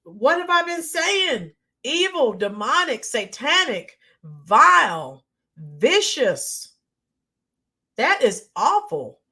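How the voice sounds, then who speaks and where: A woman hosting a casual livestream, greeting viewers by name and talking with frequent ums and pauses. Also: high-pitched, fairly bright tone. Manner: talks to viewers by name, halting with many ums. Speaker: livestream host reading chat.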